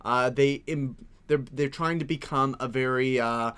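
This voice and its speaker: A man's voice: mid-range voice, unhurried, fairly bright tone, clear, resonant tone. A young man co-hosting a casual political chat, agreeable and joking, and closing the show. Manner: agreeable, joking, sign-off style. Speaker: co-host.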